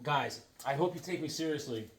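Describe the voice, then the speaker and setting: A man's voice: a little high, brisk. Rambling, jokey man talking comics. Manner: rambling, jokey, lots of restarts and silly asides. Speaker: comic book vlogger. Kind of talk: casual show-and-tell chat.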